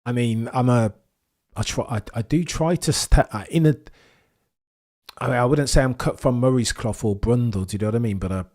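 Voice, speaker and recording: A man hosting a live racing watchalong, talking in a verbose, animated way with mock commentator flourishes while reading chat. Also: mid-range voice, a little fast. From Britain. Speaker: F1 livestream host.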